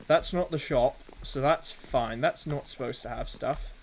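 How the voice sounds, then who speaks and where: A man chatting casually on a live game stream, halting and self-mocking while he fumbles with his setup. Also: mid-range voice, slight background noise, low-quality recording. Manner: halting, fumbling through tech setup with many restarts.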